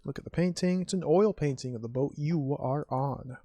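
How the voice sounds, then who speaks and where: Playing an old adventure game, this streamer muses wryly and reads game text aloud, speaking typed commands slowly. The medium-pitched voice has a dark tone in a dry recording.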